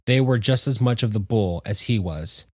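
Steady low-voiced male storyteller. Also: normal speed, no echo, clean studio sound. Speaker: narrator. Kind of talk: audiobook story narration.

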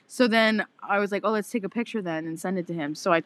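A young woman in her twenties co-hosting a podcast, telling a story in casual, animated chat with lots of swearing and acted-out quotes. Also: medium pitch, fast talker. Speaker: podcast co-host.

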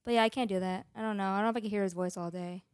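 A woman's voice: mid-range voice, fairly even intonation, rapid-fire, darkish tone, dry recording, clean studio sound. Hesitant young woman in casual chat. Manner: hesitant, hedging with filler words. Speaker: podcast co-host.

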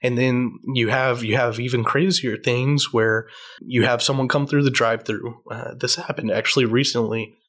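Earnest shop owner telling stories. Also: male voice, medium pitch, steady tone, normal speed, a bit bright. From Texas. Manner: earnest storyteller, frequent restarts. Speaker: tea shop franchise owner. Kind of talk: casual podcast interview.

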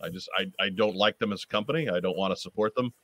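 A man hosting a casual live chat show, relaxed and steering the talk between guests. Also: deep voice, quick pace, dry recording. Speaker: podcast host.

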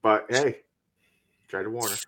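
A man chatting casually about a movie, animated and profane, often jumping in to finish the other speaker's thoughts. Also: on the low side, measured pace, crowd noise. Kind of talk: casual movie recap chat.

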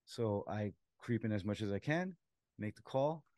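A man, a softball umpire and co-host, telling a story in casual chat, laughing as he acts out what people said. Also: fairly low pitch, normal speed, no echo, studio quality. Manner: animated storyteller, laughs while acting out quotes.

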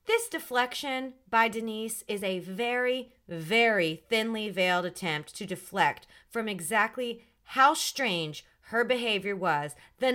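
A woman's voice: mid-range voice, bright, forceful tone. A woman hosting a solo podcast, outspoken and sassy. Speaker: podcast host.

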